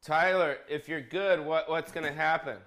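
A man's voice: fairly high pitch, steady tone, moderate pace, fairly bright tone. A man hosting a casual comedic cooking vlog, bossy and profane, teasing his cameraman. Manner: crude, bossy, joking, profane.

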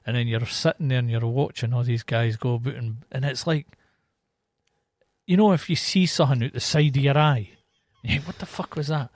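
A man's voice: medium pitch, a little fast, dry recording, clean studio sound. A man with a Scottish accent in casual chat, telling a rambling, sweary story.

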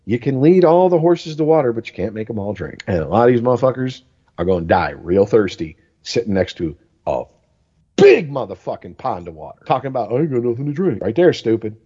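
Foul-mouthed guy in his 40s rambling on a podcast, dark mellow voice, muffled lo-fi sound. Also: on the low side, sing-song, a little fast, husky. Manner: profane, rambling storytelling. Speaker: podcast co-host. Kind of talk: casual chat. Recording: dull lo-fi recording.

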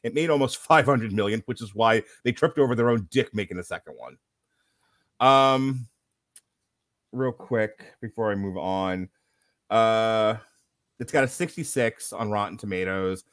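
A man's voice: on the low side, measured pace, a bit bright, dry recording. Man, podcast co-host, casual movie review, sardonic, profane, dry close sound.

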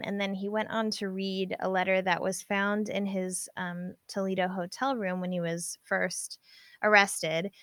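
A woman co-hosting a podcast in casual chat, animated, reading out news quotes. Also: medium pitch, clean tone, no room sound, clean studio sound. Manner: animated, reads quotes from newspaper articles. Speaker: podcast co-host.

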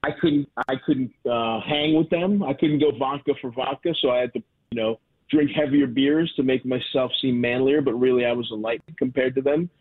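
A man rambles through a casual chat, joking at his own expense and restarting his sentences. He comes through a thin, tinny phone line. His pitch sits in an ordinary middle range. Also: normal speed, husky. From Baltimore. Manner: rambling, self-deprecating, many fillers and restarts. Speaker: comedian guest.

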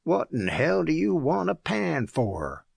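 A rough, slangy tramp by a creek who bosses a kid around, as a male narrator puts him on. The gravelly voice sounds dry and close, pitched a little higher than the narration. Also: wildly swooping pitch, takes it slowly, no room sound, full character voice. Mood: mocking. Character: gruff, bossy adult male tramp.

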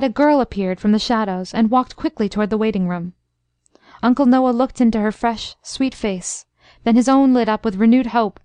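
Casting: woman audiobook narrator, even storytelling, a little high, dry close sound. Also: clear, resonant tone, no room sound. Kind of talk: scripted narration of a classic story.

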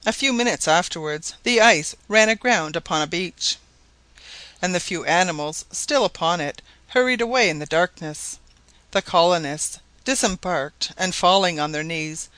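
Bright, high-voiced male audiobook narrator. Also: lively intonation, normal speed, dry recording. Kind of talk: scripted narration.

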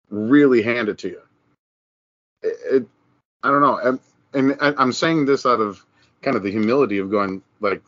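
A man's voice: medium pitch, bright, forceful tone, no echo, dull audio. A man co-hosting a podcast, talking casually and animatedly about football, with many restarts and mocking voices when he quotes other people. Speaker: podcast co-host. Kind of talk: casual sports chat.

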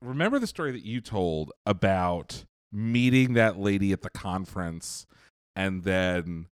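A man co-hosting a podcast, telling stories in casual chat, animated and profane, laughing often. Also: low-pitched, a little slow, clean tone, no room sound, clean studio sound. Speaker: podcast co-host.

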